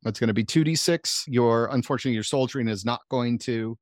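A man's voice: medium pitch, fast, no echo. Game master, man, mid voice, laid-back narration, dry close recording. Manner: casual, swears freely.

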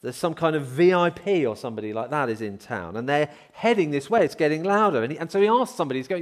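A man's voice: a little high, expressive, quick pace, few pauses. A man preaching a conversational sermon, asking rhetorical questions and acting out voices.

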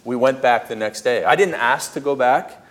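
A man talking as a podcast guest, telling stories in a lively way and acting out what he and others said. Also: mid-range voice, moderate pace. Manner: animated, acts out his own quotes and screams. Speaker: podcast guest, entrepreneurship coach. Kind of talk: casual interview storytelling.

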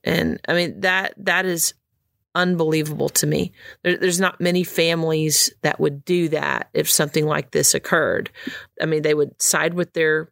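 Woman host, affirming interviewer, very low voice, dry sound. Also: steady tone, moderate pace, creaky, a bit bright, dry recording. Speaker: podcast host. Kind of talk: interview conversation.

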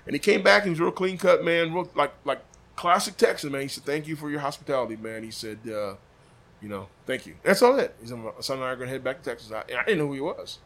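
A man's voice: medium pitch, fast, a bit bright. A man from Des Moines, a barbecue pitmaster, telling a story in a casual chat and acting out the quoted dialogue. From Des Moines, Iowa. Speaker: podcast guest, barbecue pitmaster. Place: room above a butcher shop.

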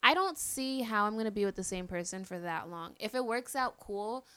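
Blunt, teasing woman guest, smooth and dry. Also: medium pitch, expressive, moderate pace, pushed and bright, no echo. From New York. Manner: blunt, teasing, profane banter. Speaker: podcast guest. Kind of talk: casual chat.

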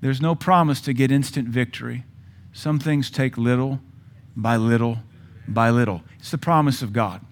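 A middle-aged man preaches with a mid-pitched voice. He surges to loud, emphatic lines, then drops to a near-hush. The delivery is a pulpit sermon. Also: moderate pace. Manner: forceful preaching with sudden loud rises and quiet drops. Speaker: pastor.

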